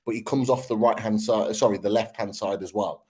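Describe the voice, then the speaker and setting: Low-ish male panelist, measured point-by-point football talk, casual fan podcast. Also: mellow, slightly rough. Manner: measured, explains point by point with fillers.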